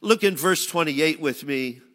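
A man preaching a sermon, shifting from loud pleading cries to hushed, low phrases. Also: measured pace, long reverb tail. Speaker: pastor.

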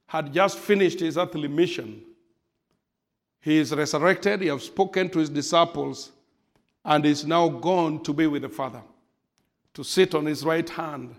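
A man with an African accent preaches at a deliberate, unhurried pace, his voice somewhat high and gravelly. He leans into key phrases with growing fervor, and the sound carries the long reverb of a church hall. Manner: slow, emphatic, rising in fervor on key phrases. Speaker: guest preacher. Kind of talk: sermon. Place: church sanctuary at a pulpit.

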